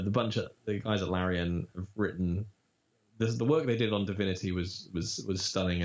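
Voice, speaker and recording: A man who works as a voice actor, talking casually in an interview and telling animated stories, with quick demo voices. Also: low voice. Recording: dull lo-fi audio.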